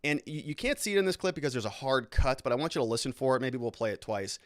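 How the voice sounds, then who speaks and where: A man's voice: mid-range voice, fast, dry recording. Chatty male lawyer hosting commentary, dry sound. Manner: animated, self-interrupting, restarts often. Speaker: lawyer and show host. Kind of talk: casual legal commentary.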